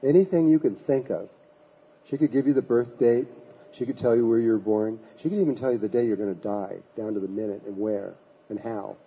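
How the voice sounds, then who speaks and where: A spiritual teacher telling a long story in a husky, middle-pitched voice. He often stops and restarts his sentences as he goes. The recording sounds dull and lo-fi. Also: a little fast. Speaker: spiritual teacher giving a talk. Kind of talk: anecdotal storytelling talk.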